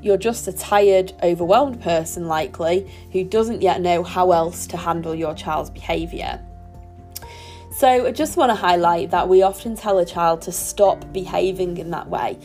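Soft-spoken woman hosting a podcast. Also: on the low side, normal speed, faint music behind. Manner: gentle, reflective, reassuring. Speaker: podcast host. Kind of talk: solo parenting podcast talk.

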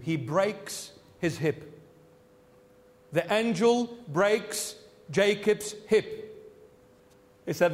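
A bishop preaching a sermon in a church, telling the story animatedly and acting out its characters. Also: male voice, sits high, animated, takes it slowly, pauses often, in a large hall.

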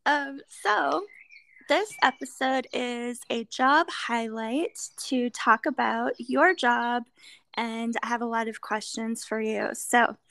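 An American woman hosting a podcast for English learners, speaking slowly and deliberately with frequent ums. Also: on the high side, vocal fry, fairly bright tone, dry recording. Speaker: podcast host. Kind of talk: slow, clear interview for English learners.

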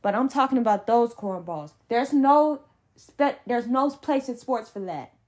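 A woman's voice: a little high, lively intonation, measured pace, darkish tone. Heated young woman ranting about sports. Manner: heated, emphatic, blunt slang. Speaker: podcast host. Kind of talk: solo sports podcast rant.

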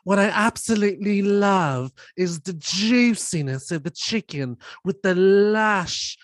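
A man's voice: high voice, expressive, dry recording, studio quality, pitched above the performer's own voice. A man putting on a sultry, indulgent woman TV cook, drawing out each word suggestively. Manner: slow, drawn-out, suggestive delivery.

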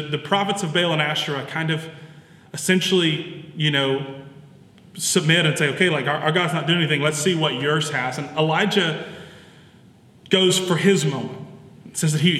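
A man preaching in a loose, conversational manner, stopping and restarting his sentences as he goes. His voice sits on the higher side and sounds bright and forceful. It rings out in a big echoey hall with a long reverb tail. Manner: relaxed, chatty with many fillers and restarts. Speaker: pastor. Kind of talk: conversational sermon.

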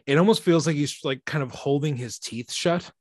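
A man with a somewhat high voice, chatting about a film with friends. He thinks out loud and poses questions to the group. The recording is close and dry. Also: moderate pace, no room sound. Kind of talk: casual movie watch-along chat.

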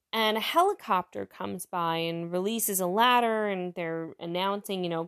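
A woman's voice: mid-range voice, unhurried, a bit bright. Woman, casual joke reader, chatty, comments between jokes, mid-range voice. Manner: chatty, reads jokes aloud and comments on them.

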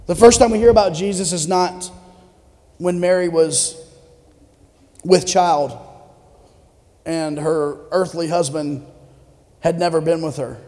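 A pastor delivers a sermon in a fairly high, mellow male voice, keeping it conversational and asking his congregation questions along the way. His words ring out with a long reverb, as in a church sanctuary. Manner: conversational preaching with audience questions.

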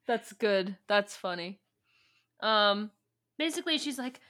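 A woman's voice: medium pitch, animated, takes it slowly, pauses often, fairly bright tone. A woman co-hosting a podcast, casually recapping and reading from a book, rambling and joking as she retells scenes. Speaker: podcast co-host.

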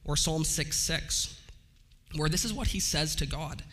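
A man preaching a sermon, speaking slowly, earnestly and in a measured way. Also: a little high, bright, forceful tone. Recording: long reverb from a hall.

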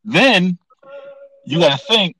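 A man's voice: high voice, sing-song, takes it slowly, pushed and bright, breathy edge, poor audio. A man co-hosting a podcast in a laid-back, profane casual chat, often asking "you know what I mean". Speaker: podcast co-host.

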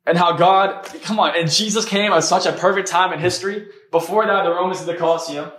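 A podcast host preaches a casual sermon with fervor, dropping in "man," "right?" and "come on." His voice is high and fairly bright, and he talks a little fast. The room is very echoey and the mic is far off.

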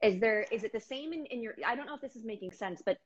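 A woman's voice: a little high, lively intonation, fast talker, husky, muffled recording. A woman hosting a podcast, asking questions in a chatty, upbeat way over a video call. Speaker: podcast host. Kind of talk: casual interview.

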